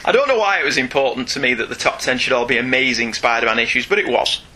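A man's voice: medium pitch, fast talker, bright, forceful tone. A man, co-hosting a casual podcast chat, reading listener emails and joking about them. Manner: chatty, self-deprecating, laughs often. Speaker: podcast co-host.

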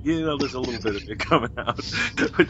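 A man's voice: medium pitch, fast talker, fairly bright tone. A man hosting a podcast in casual chat, laughing often as he talks. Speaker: podcast host. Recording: dull lo-fi audio with faint hiss.

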